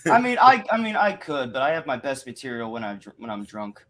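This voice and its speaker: A man, a podcast guest, telling comic anecdotes in an animated, joking way. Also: mid-range voice, brisk.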